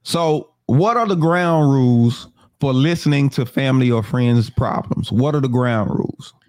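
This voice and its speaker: A man co-hosting a casual talk show, expressive and quick to laugh, asking questions and inviting the audience to respond. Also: mid-range voice, no room sound, clean studio sound. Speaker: podcast co-host. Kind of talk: casual chat.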